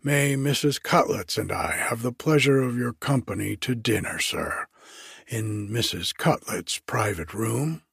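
A man's voice: mid-range voice, animated, creaky, a bit bright, husky, dry recording, clean studio sound, heavily acted. A man voicing a fawning, chatty male prison cook who draws out his words. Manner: obsequious, gossipy, drawn-out.

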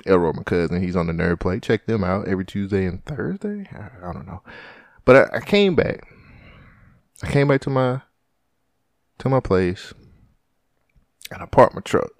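A man's voice: deep voice, moderate pace, pauses often, no echo, clean studio sound. A man hosting a podcast, telling a story in casual, profane chat with lots of restarts. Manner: profane, animated, restarts often. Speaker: podcast host.

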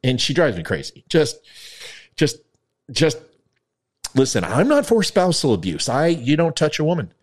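A man's voice: on the high side, wildly swooping pitch, normal speed, pauses often. A man hosting his own podcast, talking in a rambling, self-mocking, comedic way. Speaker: podcast host. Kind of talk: casual comedic commentary.

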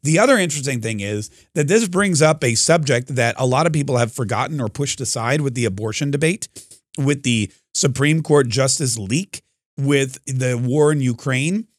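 A male talk radio host pushes his opinions in fast, confrontational bursts, often breaking off and restarting. His mid-pitched voice comes across dry and close, with no room sound at all.

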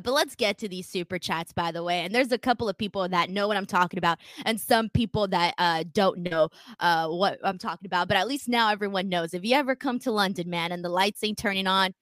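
An American woman hosting a casual live-stream chat, telling stories in an animated way with frequent swearing. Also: medium pitch, dry recording. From United States. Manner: animated, swearing storyteller, laughs often. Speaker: podcast host.

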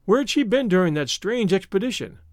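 A man narrating a story in the first person with an expressive, theatrical delivery. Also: high voice, brisk, no room sound, clean studio sound. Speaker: audiobook narrator.

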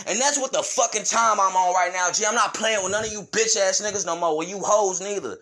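A man's voice: sits high, a little fast, sharp tone. A man hosting his own podcast, delivering a heated, profane rant straight at his listeners. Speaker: podcast host.

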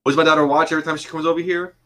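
A man's voice: a little high, little pitch movement, rapid-fire, sharp tone. A man co-hosting a podcast, chatting casually and asking questions. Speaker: podcast co-host. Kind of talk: casual chat.

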